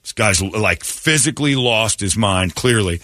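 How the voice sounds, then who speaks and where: A man hosting a morning rock radio show, telling stories in a blunt, animated way. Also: on the low side, unhurried, no echo. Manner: blunt, storytelling, animated retelling. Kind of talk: casual talk radio banter. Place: radio studio. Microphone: studio mic. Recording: dry close studio sound.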